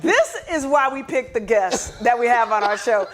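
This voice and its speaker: A woman's voice: on the high side, expressive. A woman hosting a casual talk show, teasing her guest and chiming in often. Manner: playful, teasing, quick backchannels. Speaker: podcast host.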